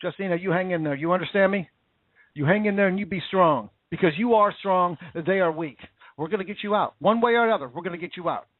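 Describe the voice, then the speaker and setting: A man with a high voice delivers indignant, impassioned talk-show commentary, repeating himself for emphasis. The sound is dry and close, squeezed through a narrow, phone-like band. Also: fast talker, no echo. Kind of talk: casual political commentary. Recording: tinny phone-like line.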